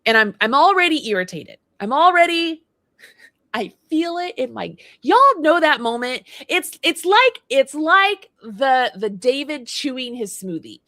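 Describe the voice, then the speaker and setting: A bright, fairly high-voiced woman telling a story on a live chat show. She acts out every voice in the tale and gets more and more worked up. The sound is close and dry. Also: big pitch swings, unhurried, dry recording. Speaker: co-host. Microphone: livestream mic.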